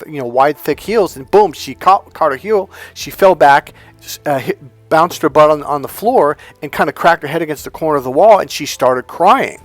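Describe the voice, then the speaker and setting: A man's voice: fairly high pitch, no echo. A man working as a dating coach, delivering a motivational monologue through emphatic, profanity-laced storytelling.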